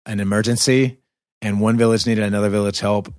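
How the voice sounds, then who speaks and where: Southern us guy hosting a chatty podcast, kinda low voice, real dry sound. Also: fairly even intonation, a little fast, darkish tone, no echo. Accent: American Southern. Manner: upbeat, explains with enthusiasm. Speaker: podcast host. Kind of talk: casual podcast chat.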